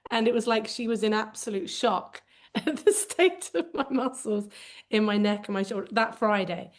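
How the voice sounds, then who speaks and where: A woman's voice: a little high, moderate pace. A woman co-hosting a conversational podcast, speaking candidly and reflectively as she searches for the right words. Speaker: podcast co-host.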